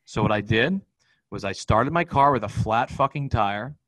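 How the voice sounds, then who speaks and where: A man, a podcast guest, telling a personal story in a rapid, profane, vivid way. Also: mid-range voice, lively intonation, a bit bright, no echo, rough recording. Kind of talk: candid storytelling in an interview.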